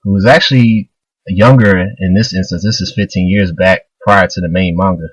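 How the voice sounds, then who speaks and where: A man's voice: low voice, steady tone, normal speed, breathy edge, dry recording, poor audio. A man casually retelling a manga chapter, loose and rambling, full of fillers. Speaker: manga reviewer.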